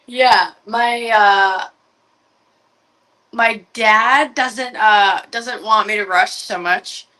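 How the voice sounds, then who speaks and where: Slow-talking bright young woman. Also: medium pitch, rough recording. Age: 20s. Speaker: guest. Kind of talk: casual chat.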